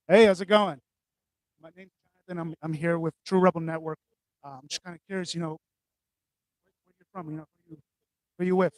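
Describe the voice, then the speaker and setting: A man's voice: on the high side, a little fast, long pauses, no echo. A man reporting live on foot from an outdoor rally, chatting loosely to viewers and interviewing passersby, with casual swearing and frequent restarts. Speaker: street reporter livestreaming.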